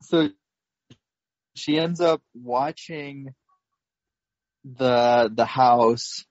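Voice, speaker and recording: A man co-hosting a podcast, slowly recapping a film plot in casual chat, with lots of fillers and laughs. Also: mid-range voice, dry recording, dull audio. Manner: slow, rambling recap with frequent fillers and laughs. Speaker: podcast co-host.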